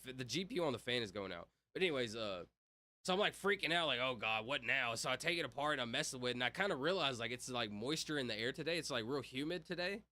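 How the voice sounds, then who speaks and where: Here a young man with a mid-range voice and a sharp edge streams casually from home. He rambles on, leaning on fillers and dropping "like" and "bro" all the time.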